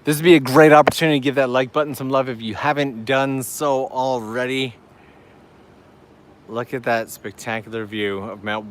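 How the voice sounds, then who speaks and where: A man's voice: medium pitch, moderate pace. A man hosting a travel live stream outdoors, chatting enthusiastically with viewers while walking and reading their messages aloud. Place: outdoors on a seaside island path.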